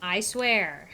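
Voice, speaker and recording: Lively bright-voiced woman streamer. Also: a little high. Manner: playful, teasing, chatty, laughs often. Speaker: game streamer. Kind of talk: casual chat while gaming on stream. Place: at a home computer desk.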